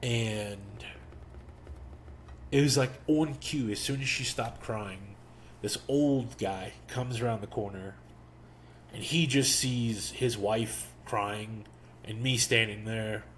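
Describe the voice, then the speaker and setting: A young man hosting a podcast, telling a personal story slowly and reflectively, with pauses. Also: lowish voice, slight background noise. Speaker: podcast host. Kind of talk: storytelling monologue.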